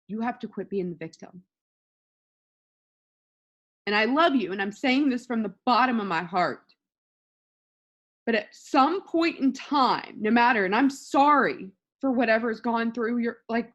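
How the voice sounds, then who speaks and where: A woman's voice: a little high, muffled recording. A woman, probably in her thirties, giving a blunt, emotional motivational talk over a video call, crying as she swears and pleads with her listeners. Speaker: motivational speaker.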